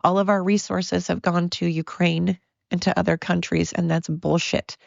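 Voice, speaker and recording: A woman's voice: lowish voice, little pitch movement, normal speed, vocal fry, no room sound, lo-fi sound. A woman hosting a solo podcast, ranting angrily and emphatically with a lot of swearing. She is from the United States. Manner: angry, profane, emphatic ranting. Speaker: podcast host.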